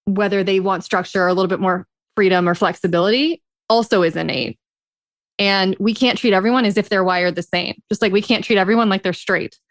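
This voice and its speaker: A woman's voice: medium pitch, no echo, studio quality. A woman co-hosting a casual advice podcast, talking in a blunt, emphatic and jokey way. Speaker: podcast co-host.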